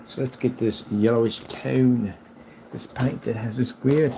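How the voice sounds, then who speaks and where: A man's voice: mid-range voice, fairly even intonation, a little slow, very noisy. A man who sells screen paint, delivering a heated, mocking reaction rant at a rival. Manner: mocking, combative.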